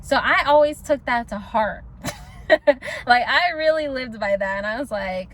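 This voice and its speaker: A woman's voice: fairly high pitch, expressive, measured pace, fairly bright tone, slight background noise. A woman telling a personal story in a casual, slangy vlog chat, acting out her own past lines and laughing often.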